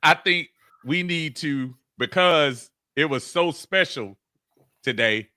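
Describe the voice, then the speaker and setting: Excitable joking man, bright dry voice. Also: on the high side, slow, dry recording. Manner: joking, excitable, stumbles over words. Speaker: co-host. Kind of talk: casual sports talk.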